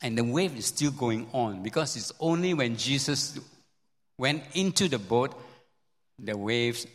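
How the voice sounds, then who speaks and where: Pastor, male, mid-pitched voice, animated storyteller with pitch swings; long hall reverb. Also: unhurried. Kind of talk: sermon.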